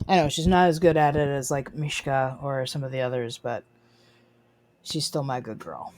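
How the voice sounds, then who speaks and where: A woman's voice: extremely low pitch, fairly even intonation, moderate pace, darkish tone, a little hiss or hum. A woman streaming a game from her desk at home, chatting casually and slipping into baby talk with her dog. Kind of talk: casual chat while streaming.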